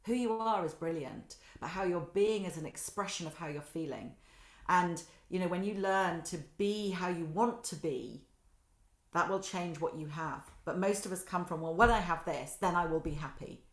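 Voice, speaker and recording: A woman, a guest telling animated stories in a casual podcast chat. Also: fairly low pitch, normal speed. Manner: animated storytelling, quotes others in lively voices. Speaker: guest, children's author. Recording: roomy echo.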